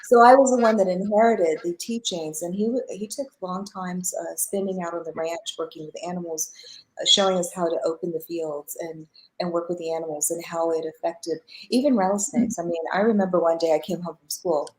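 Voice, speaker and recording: A woman's voice: fairly low pitch, a little fast, rough recording. A middle-aged woman, a spiritual teacher and guest, telling personal stories in a live interview, acting out the dialogue and laughing often. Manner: animated storyteller who acts out quoted dialogue and laughs often.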